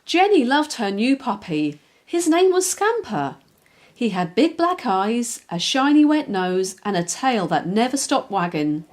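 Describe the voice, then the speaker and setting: A woman, a children's author, reading her own picture book aloud in a lively, expressive storytelling way. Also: a little high, measured pace.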